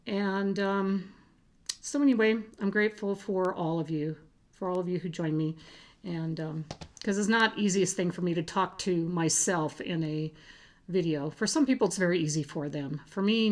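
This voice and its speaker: A woman with a low-pitched voice chats casually to her vlog viewers. She talks in a halting, unpolished way, pausing on fillers and restarting her sentences. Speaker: cross-stitch vlogger. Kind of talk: casual chat to camera.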